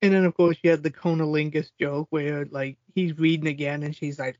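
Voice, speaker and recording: A man's voice: fairly high pitch, little pitch movement, fairly quick, few pauses, darkish tone, dry recording. A man co-hosting a podcast, casually retelling movie scenes and quoting lines, often laughing. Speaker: podcast co-host. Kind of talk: casual movie recap chat. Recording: dull lo-fi sound.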